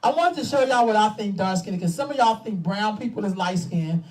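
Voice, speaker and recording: Woman, 50s, co-host. Blunt, animated, laughs often, a bit off-mic. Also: mid-range voice, fairly quick, recorded from a distance. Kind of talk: casual chat.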